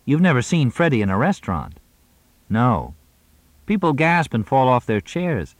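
A man voicing a sharp-tongued young woman who is an actress, wry and teasing. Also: mid-range voice, very animated, dry recording, voice pushed up. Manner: mocking, theatrical, quick-witted.

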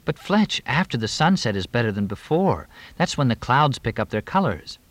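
A man's voice: mid-range voice, big pitch swings, moderate pace, dry recording, pitched above the performer's own voice. A man reading an audiobook, voicing a weary, unhappy young actress in a raised, lighter tone. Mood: wistful.

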